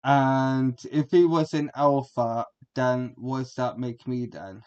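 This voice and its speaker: A man's voice: mid-range voice, steady tone, takes it slowly, darkish tone, clear, resonant tone, muffled recording. A man, giving a rambling, crude and combative reaction commentary as a streamer.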